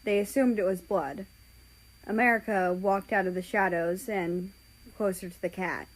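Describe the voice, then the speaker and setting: A woman reading a fan story aloud in slow, measured narration. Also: medium pitch, fairly even intonation, low-quality recording. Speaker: story reader.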